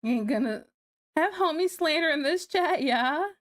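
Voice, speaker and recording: A woman chatting casually to her livestream chat in a relaxed, talkative way while she draws. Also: high voice, moderate pace, no echo, studio quality. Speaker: livestreamer drawing on stream.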